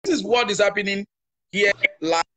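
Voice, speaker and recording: Loud, high-voiced Nigerian host. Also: male voice, moderate pace, reverberant. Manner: loud, laughing, exclaiming. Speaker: live stream host. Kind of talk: live stream commentary.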